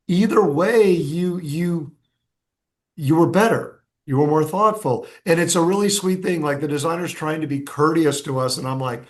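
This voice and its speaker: A designer and entrepreneur tells stories as a guest on a casual podcast, animatedly acting out dialogue with many restarts. His voice is a little high and fairly quick.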